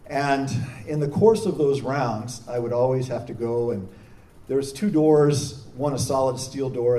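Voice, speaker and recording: A man's voice: mid-range voice, mellow. A middle-aged man, a prison chaplain, telling his story in a folksy, self-deprecating way. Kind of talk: storytelling talk. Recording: distant mic with faint noise.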